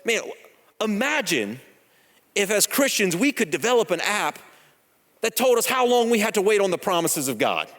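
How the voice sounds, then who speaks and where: Man, pastor, high voice, lively joking sermon, long church hall echo. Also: moderate pace, pauses often. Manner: conversational, humorous, animated storytelling. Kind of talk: sermon with personal stories. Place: church sanctuary.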